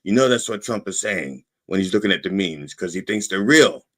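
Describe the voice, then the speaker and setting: Sarcastic, profane man with lively pitch. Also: brisk. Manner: sarcastic, profane, punctuates points with "okay?". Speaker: podcast host. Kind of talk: satirical political monologue.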